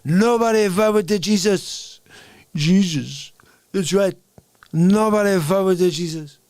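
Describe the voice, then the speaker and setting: Brief: swaggering male bowler, done by a man, taunting, high-pitched. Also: a little slow, a little mellow, dry recording, clean studio sound.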